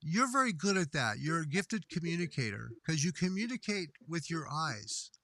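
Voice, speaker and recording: A middle-aged male host chats on a livestream, his fairly high voice bright and bouncing through a wide melodic range. He is folksy and effusive, full of homespun pleasantries, and the sound is close and dry. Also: sing-song, moderate pace, dry recording. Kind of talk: casual livestream chat, reading viewer comments.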